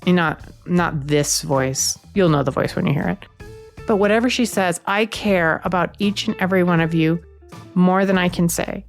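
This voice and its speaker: A woman hosting a comedy podcast, talking in a playful, teasing way that swings between bold asides and hushed confessions. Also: on the low side, normal speed, creaky, soft background music. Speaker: podcast host. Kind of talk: comedic podcast monologue and panel chat.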